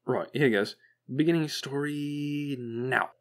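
A man voicing a manic, chattering male robot who rambles flippantly and bitterly, jumping high in pitch when excited. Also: takes it slowly. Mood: mock storytelling. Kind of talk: audiobook character voice.

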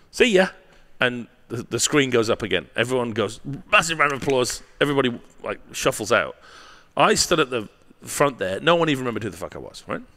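A man's voice: medium pitch, fairly bright tone. A man, a marketing professor guesting on an interview, telling a candid story with blunt swearing and frequent tag questions.

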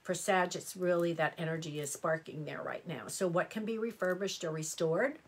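A woman's voice: lowish voice, normal speed, husky. A middle-aged woman reading horoscopes on a live stream, chatty and exclamatory, answering viewer comments as she goes. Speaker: astrology reader.

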